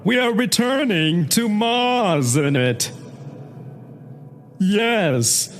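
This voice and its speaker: A prim, fussy little Martian, as a man on a stream does him, talking in clipped, precise words. The voice sits high and swoops up and down in a sing-song way. The delivery is slow and deliberate. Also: expressive, heavily acted. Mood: prissy. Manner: clipped, prissy, precise diction. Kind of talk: live-stream impression.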